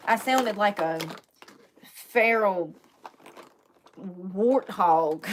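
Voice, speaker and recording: Young woman, casual vlogger, joking and candid, mid-pitched. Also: measured pace, long pauses, fairly bright tone, slight background noise. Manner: chatty, joking, confessional, laughs often. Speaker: vlogger doing makeup, chatting with viewers. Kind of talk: casual live-stream chat.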